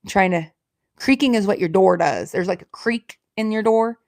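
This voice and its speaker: A woman with a Southern Alabama accent, chatting casually with viewers on a livestream. She talks quickly, running her words and sounds together. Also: medium pitch, darkish tone, no echo, studio quality. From Alabama, USA. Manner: chatty and self-deprecating. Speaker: livestream host. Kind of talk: casual live-stream chat with viewers.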